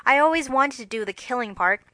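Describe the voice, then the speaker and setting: A spirited, boyish teenage girl with big dramatic delivery, read by a woman. Her tone is bright and forceful, close and dry, as in a storybook reading. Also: sits high, lively intonation, fairly quick, no room sound, voice pushed up. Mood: eager. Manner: emphatic and theatrical. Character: bold boyish teenage girl, playwright sister.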